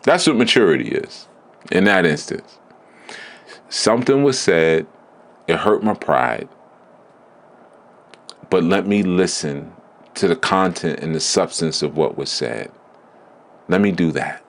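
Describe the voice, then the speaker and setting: A man giving a blunt, emphatic spiritual teaching talk in a deliberate, preaching manner. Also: low-pitched, expressive. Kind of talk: preaching lecture.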